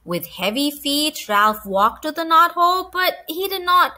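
A woman reading a children's chapter book aloud, expressive and animated. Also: high-pitched, unhurried. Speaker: storyteller.

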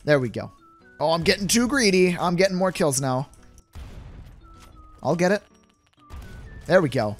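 A man's voice: mid-range voice, normal speed, long pauses. A young man giving playful gameplay commentary, laughing often as he reacts. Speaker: gaming YouTuber. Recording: game music playing faintly behind.

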